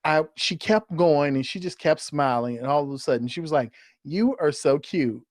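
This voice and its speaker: A man's voice: a little high, brisk, no room sound, studio quality. A man co-hosting a sports podcast, telling stories in casual banter and laughing often. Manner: animated storyteller, laughs often. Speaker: podcast co-host.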